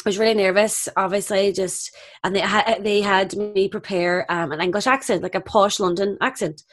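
A young actress telling audition stories in casual chat, acting out quoted voices. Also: female voice, mid-range voice, moderate pace. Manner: animated, acts out quoted voices.

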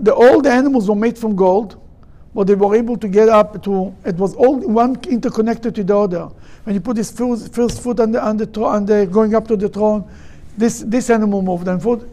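Casting note: a man, very high voice, animated Torah teacher who acts out quotes and restarts his sentences. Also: moderate pace. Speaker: rabbi teaching a study group. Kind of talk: Torah study class.

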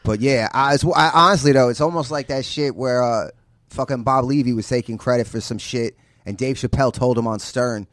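A man's voice: mid-range voice, fairly quick, a bit bright, no echo, studio quality. A man in an improvised comedy sketch, brash and teasing, swearing freely.

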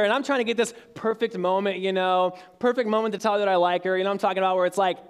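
A man's voice: high voice, steady tone, racing, few pauses, clean tone. A young man in his twenties giving a casual sermon to young adults, telling a story with lots of fillers and restarts. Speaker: youth speaker. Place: church hall with audience.

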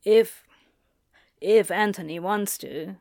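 A woman voicing a middle-aged male doctor who speaks in a halting, apologetic way, read slowly and dry. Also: mid-range voice, a little mellow, no room sound. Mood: earnest.

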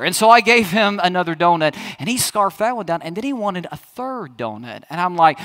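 A man's voice: high voice, very animated, brisk, hardly any pauses, fairly bright tone. A man in his thirties, a pastor preaching a sermon in a chatty, storytelling way that speaks straight to the congregation.

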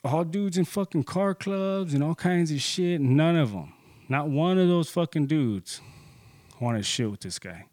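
A man's voice: fairly high pitch, lively intonation, measured pace, darkish tone, no room sound. A man telling a personal story in a casual, heated and profane way, rambling and full of fillers like "dude" and "you know".

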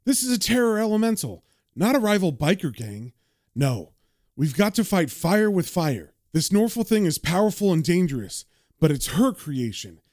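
A man's voice: high voice, very animated, moderate pace, a little mellow, dry recording. A man voicing a brash young magician, speaking in slangy, confident lines in a dry, close recording. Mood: cocky. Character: young British man, cocky reckless magician.

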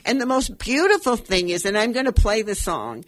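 This radio talk show host is an older woman whose voice sits on the high side, very animated and at a normal speed. Her impassioned commentary carries earnest, emotional conviction, and she rambles and starts sentences over.

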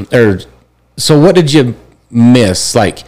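A man hosting a laid-back conversation at an everyday mid pitch. He rambles and stops short, circling back to rephrase his questions. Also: sing-song, darkish tone, slight background noise. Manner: rambling, halting, restarts questions. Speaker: host. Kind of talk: casual chat.

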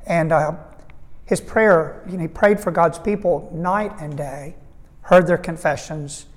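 A man's voice: on the high side, a little slow. A male priest giving a retreat talk, telling stories with fervent, earnest emphasis and slipping into the voices of the people he quotes. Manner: storytelling, voicing quoted people. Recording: long reverb of a large hall.

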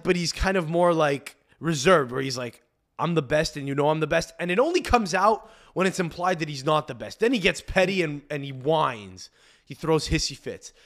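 A male podcast host rants in a loose, rambling comedic monologue. He swears freely, circles back on himself with fillers and restarts, and speaks in a voice a bit higher than most men's. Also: fairly bright tone.

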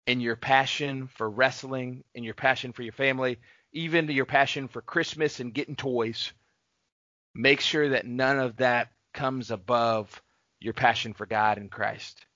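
A man co-hosts a casual faith-based podcast, his voice bright and forceful. He speaks earnestly and encouragingly, urging listeners on. The sound is dry and a bit dull, like a lo-fi podcast mic. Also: mid-range voice, fairly even intonation, unhurried, no echo. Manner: earnest, encouraging, sign-off announcements. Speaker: podcast co-host.

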